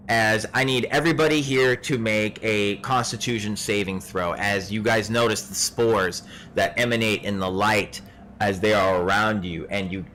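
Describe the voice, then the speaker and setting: A man narrating a tabletop game as game master, relaxed and rambling, with plenty of filler words. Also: fairly low pitch, slight background noise.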